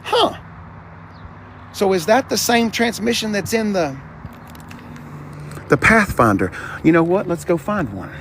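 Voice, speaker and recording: A man vlogging on a car dealership lot, chatty and animated, talking to the cars and his viewers. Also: sits high, unhurried, pauses often, a little hiss or hum. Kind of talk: live-streamed dealership walkaround.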